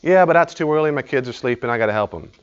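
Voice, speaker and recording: A man's voice: mid-range voice, lively intonation, rapid-fire, clean tone, highs cut off, pitched above the performer's own voice, lightly acted. A man voicing a grown woman who answers every suggestion about losing weight with an excuse, in a whiny, yes-but manner. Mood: complaining.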